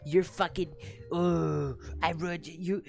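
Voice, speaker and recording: A snarling, spiteful teenage bully girl, as a woman streamer puts her on mid-recap. The delivery is rough and quick, with hardly any change from her own voice. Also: fairly low pitch, steady tone, darkish tone, soft background music.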